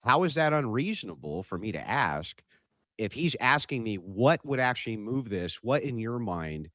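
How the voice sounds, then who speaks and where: A man's voice: mid-range voice, sing-song, normal speed, sharp tone, no echo. A man arguing bluntly in a heated online debate, pressing his point and cutting in. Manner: blunt, combative, interrupts.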